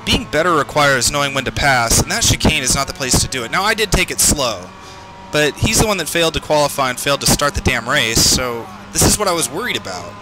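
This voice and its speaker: A man commentating his own sim race, swearing and yelling at other drivers, his heart racing. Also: mid-range voice, big pitch swings, fast talker. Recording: game music underneath. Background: game music and engine noise.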